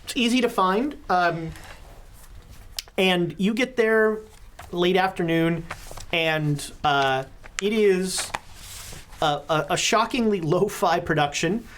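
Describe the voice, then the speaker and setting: Female game master, lower voice, meandering halting narration. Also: a little hiss or hum.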